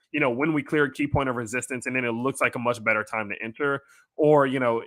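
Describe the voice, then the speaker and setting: Speaking directly to his viewers, a crypto livestream host with a light Louisiana accent reads chat questions out and answers in a loose way, leaning heavily on fillers like "um" and "you know." He's from Louisiana, USA, and his medium-pitched voice is bright and forceful.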